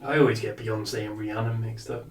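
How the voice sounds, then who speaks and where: A man's voice: fairly low pitch, fairly even intonation, fairly quick, distant mic. A man with a Northern English accent, co-hosting a casual chat in an easygoing, laughing way. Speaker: co-host. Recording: echoey room, off mic.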